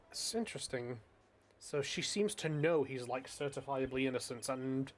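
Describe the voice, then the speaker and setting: A man's voice: medium pitch, animated, normal speed, a little hiss or hum. A man streaming a video game with casual, profane, joking commentary. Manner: profane, jokey.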